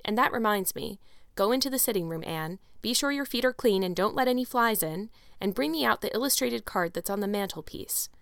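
A woman's voice: medium pitch, lively intonation, fairly quick, creaky, dry recording, clean studio sound. A woman voicing a strict, middle-aged spinster guardian who speaks curtly and disapprovingly. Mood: stern. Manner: curt, disapproving, matter-of-fact.

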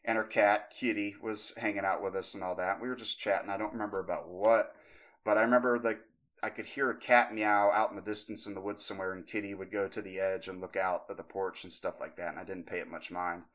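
A man's voice: lowish voice, fast talker. A man in his thirties, a podcast co-host telling a long story, rambling with many fillers and restarts, and acting out the voices in it. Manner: animated, acts out voices in the story.

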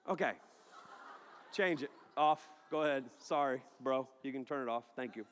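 Animated preacher in an echoing hall. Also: male voice, fairly high pitch. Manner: animated, joking storyteller who acts out the people in his story. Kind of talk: sermon with storytelling. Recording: long hall reverb.

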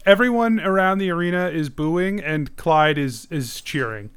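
A man narrating and running a tabletop role-playing game in a casual, quick way. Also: a little high, crowd noise. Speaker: game master.

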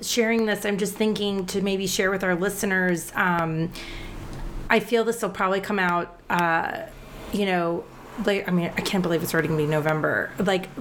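A woman hosts a podcast and asks her guest questions in an eager, rambling way, full of ums and likes. Her voice is mid-pitched, with faint noise in the background. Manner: eager, lots of fillers like um and like. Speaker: podcast host. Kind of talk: casual podcast chat.

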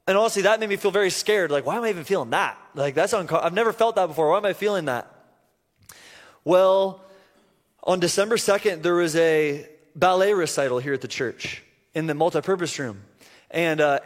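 A man preaching a sermon, telling a personal story earnestly with halting restarts. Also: a little high. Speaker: pastor. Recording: reverberant church hall.

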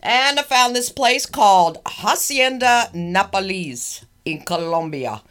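A woman co-hosting a casual chat, animated and laughing often as she teases her co-host. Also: medium pitch, takes it slowly, smooth. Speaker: podcast co-host.

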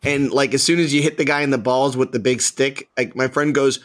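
Man in his thirties, casual podcast chat, rambling with lots of fillers, middle pitch. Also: steady tone, fairly quick, fairly bright tone. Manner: rambling storyteller, many fillers. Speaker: podcast host.

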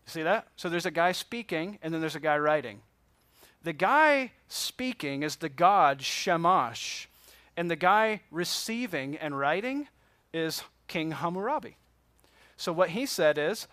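A man's voice: on the high side, lively intonation, measured pace, pushed and bright, no room sound. A man teaching a Bible class from slides, talking casually and asking the class questions. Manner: conversational, asks the class questions.

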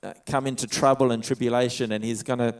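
A man's voice: medium pitch, fairly even intonation, quick pace, clean tone. A man preaching a conversational sermon, reading scripture aloud and retelling it in his own words. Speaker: pastor.

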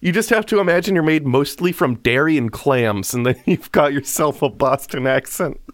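A man's voice: a little high, moderate pace, no room sound, clean studio sound. A man co-hosting a podcast, chatting casually and telling stories with lots of laughter. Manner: animated, laughing storyteller. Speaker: podcast co-host. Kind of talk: casual chat.

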